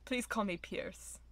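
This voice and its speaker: A woman voicing a polite, fussy male butler in a game, with formal, measured speech over noisy, clicky stream audio. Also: fairly high pitch, fairly bright tone.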